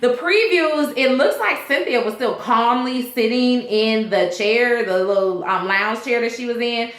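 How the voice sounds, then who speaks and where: A woman's voice: a little high, unhurried, reverberant. A woman hosting a casual vlog that recaps a TV episode, talking in a rambling, chatty way with lots of fillers. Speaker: TV show reviewer, vlog host.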